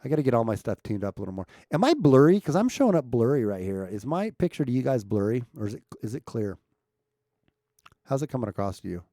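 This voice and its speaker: A man with a gravelly, creaky edge to his mid-pitched voice, talking loosely to his viewers during a home live stream. He chats, asks the chat if they can hear him, and tinkers with his mic. The sound is close and dry with no room echo. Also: sing-song, fast, mellow. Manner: chatty, talks to viewers, fiddles with mic levels. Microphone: streaming mic at home setup.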